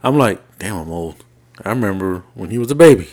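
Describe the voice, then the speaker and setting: A man in his late forties talks in a somewhat low voice. He speaks easily in casual podcast banter and teases his co-host. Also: lively intonation, a little fast, darkish tone. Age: 40s. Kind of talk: casual chat.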